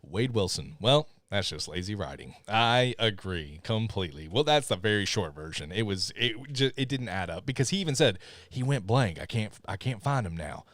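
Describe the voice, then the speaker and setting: Animated man reviewing a movie. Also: fairly low pitch, moderate pace, no echo, studio quality. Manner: animated, acts out scenes in put-on voices. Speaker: podcast co-host. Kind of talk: casual movie review chat.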